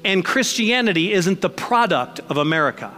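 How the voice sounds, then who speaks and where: Pastor guy preaching, pretty high voice, jokey and blunt, echoey hall w/ faint music. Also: very animated, moderate pace, pushed and bright. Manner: conversational, joking, emphatic. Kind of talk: sermon.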